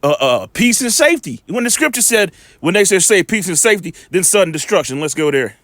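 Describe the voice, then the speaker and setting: A man's voice: high voice, big pitch swings, brisk, a bit bright, no room sound. A man giving preaching-style Bible commentary in a video, emphatic and firing rhetorical questions at his listeners.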